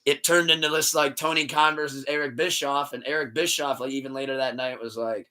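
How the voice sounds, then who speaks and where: Podcast host, male, animated ranting storyteller with a bright, sharp tone, casual chat. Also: medium pitch, fairly quick. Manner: animated, swearing, storytelling rant.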